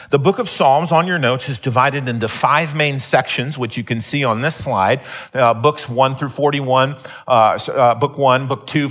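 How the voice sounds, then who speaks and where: A middle-aged male pastor delivering a sermon in a voice of ordinary pitch. He tells stories in a loose, rambling way, full of restarts and repeated words. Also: a bit bright. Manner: rambling storyteller with many restarts. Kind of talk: sermon teaching.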